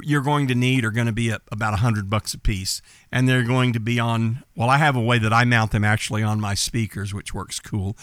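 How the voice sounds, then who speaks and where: A middle-aged man from East Texas with a light Texas accent, coaching listeners in a direct, confident podcast talk with pitch jumps for emphasis. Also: fairly bright tone, no echo, studio quality. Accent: light Texas accent, mostly neutral. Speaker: entertainment business coach, podcast host.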